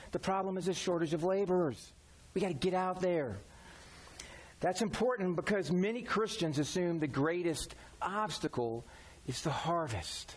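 A man's voice: high-pitched, normal speed. A man preaching a sermon in a folksy, conversational way, using everyday examples. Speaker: pastor.

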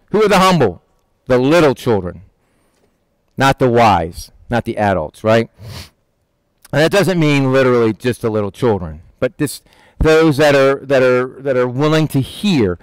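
An older man preaching as pastor, in an animated, conversational style with many asides. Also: on the high side, no room sound, poor audio. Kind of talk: sermon.

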